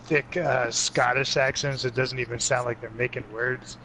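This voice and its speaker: A man with a Californian accent, co-hosting a casual podcast, teasing and swearing with drawn-out fillers. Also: mid-range voice, steady tone, sharp tone. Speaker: podcast co-host. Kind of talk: casual banter. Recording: clear background noise.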